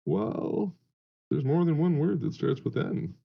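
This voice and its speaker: A man chatting casually with friends, joking crudely and thinking out loud. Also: fairly high pitch, animated, a little slow, gravelly. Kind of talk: casual chat among friends. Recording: dull lo-fi sound.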